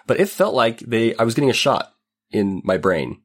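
A man's voice: mid-range voice, moderate pace. A young man hosting a podcast, congested from a cold, chatty and laughing as he tells stories. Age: young adult. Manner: chatty, laughs often, animated storytelling. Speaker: podcast host. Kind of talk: casual chat.

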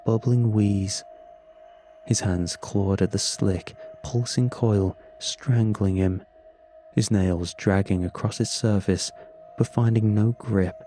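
A man narrating a first-person horror story in a measured, grim manner. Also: on the low side, mellow. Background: faint music.

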